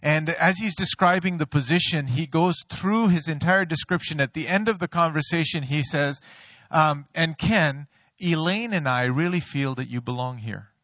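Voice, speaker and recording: Lively, bright-voiced male pastor preaching. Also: fairly high pitch, normal speed, no room sound. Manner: storytelling, playful, laughs at own jokes. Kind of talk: sermon.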